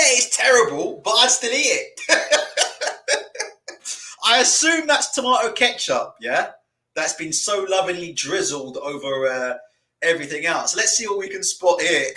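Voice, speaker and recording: Animated, high-voiced man. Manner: animated, swears freely, laughs often. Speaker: live streamer. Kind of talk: live stream commentary.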